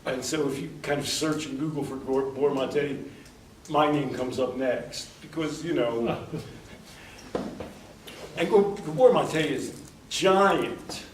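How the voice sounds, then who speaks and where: A man's voice: medium pitch, slow, a little hiss or hum. A man giving a conversational workshop lecture, rambling through anecdotes and acting out quoted dialogue. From United States. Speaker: workshop speaker. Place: workshop room. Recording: roomy, distant mic in a hall.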